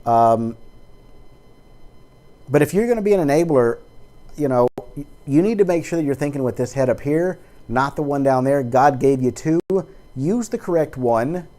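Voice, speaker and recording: A man's voice: medium pitch, moderate pace, pauses often, mellow. A man talking into his webcam in a casual personal monologue, rambling with many fillers and false starts.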